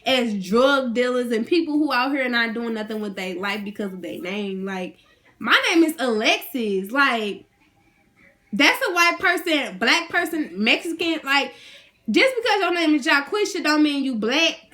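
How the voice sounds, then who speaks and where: A young woman, ranting to her viewers in an animated, indignant, slangy way. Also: high voice, moderate pace. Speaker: vlogger. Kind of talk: casual rant to camera.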